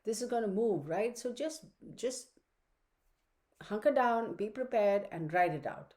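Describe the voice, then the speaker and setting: A woman's voice: medium pitch, animated, a little slow, a little mellow. A woman reading a casual weekly astrology forecast from home, chatty and rambling, with many fillers and side remarks. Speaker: astrology reader. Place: home room with her dog. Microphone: computer microphone.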